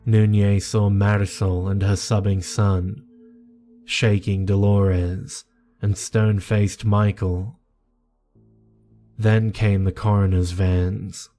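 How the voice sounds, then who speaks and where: Male horror narrator: deep, unhurried, monotone delivery over faint background music. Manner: measured, grave storytelling.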